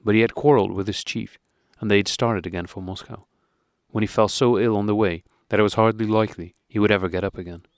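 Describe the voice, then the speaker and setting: A male audiobook narrator reading a classic novel with measured, even delivery. His voice sits low. The recording is dry and close, with no room sound. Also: no echo.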